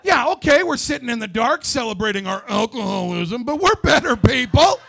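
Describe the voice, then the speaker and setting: Man in his forties, comedian, high voice, gravelly, brash stand-up storytelling. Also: big pitch swings, fairly quick. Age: 40s. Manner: brash, loud storytelling with crude jokes.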